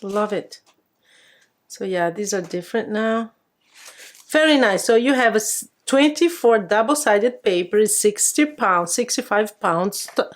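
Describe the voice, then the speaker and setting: Slow, chatty woman unboxing crafts. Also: mid-range voice. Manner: slow, fond, chatty, with frequent restarts. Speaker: crafting channel host. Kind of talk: casual unboxing commentary.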